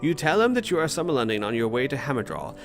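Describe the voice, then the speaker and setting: A man narrates a fantasy gamebook in a relaxed let's-read style, tripping over a word now and then and breaking off into chatty asides. His voice sits at a plain middle pitch. Faint music plays softly behind him. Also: fast talker, vocal fry. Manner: casual reader, occasional stumbles and chuckles. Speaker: host reading a gamebook aloud.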